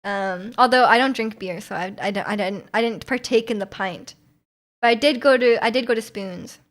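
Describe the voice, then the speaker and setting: This woman from Vancouver, Canada talks casually to her stream viewers at a normal speed, her pitch fairly high. It's a rambling, giggly chat full of fillers.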